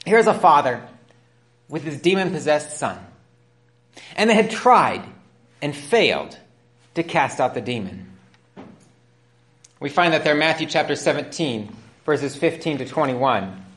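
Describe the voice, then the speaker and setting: A man's voice: big pitch swings, unhurried, pauses often, fairly bright tone. A man preaching a sermon, retelling scripture as a story and acting out its dialogue. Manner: storytelling, acts out dialogue with rising pitch.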